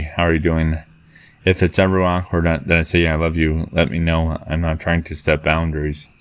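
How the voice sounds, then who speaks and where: Deep, flat-voiced man rambling earnestly. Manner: earnest, rambling, halting storytelling. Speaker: vlogger. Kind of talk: casual spoken retelling of a text chat.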